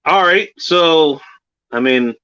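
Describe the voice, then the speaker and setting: A man's voice: fairly high pitch, lively intonation, takes it slowly, sharp tone, clear, resonant tone. Profane easygoing male stream host. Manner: profane, easygoing, laughs often. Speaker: livestream host. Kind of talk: casual stream chat. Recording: slightly muffled lo-fi audio.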